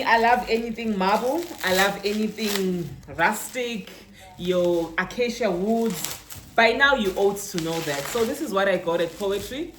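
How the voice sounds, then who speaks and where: A young South African woman with a Zulu-inflected accent, a vlogger chatting through a shopping haul and mixing in Zulu words, her pitch jumping up when she gets excited. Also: slight background noise. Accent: South African, Zulu-inflected English. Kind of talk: casual haul unboxing chat. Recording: roomy echo with faint ambience.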